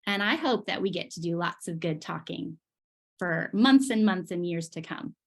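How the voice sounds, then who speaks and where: A woman clinician presenting certificates at a virtual ceremony, praising children in a slow, encouraging way over a video call. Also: on the low side, expressive, creaky.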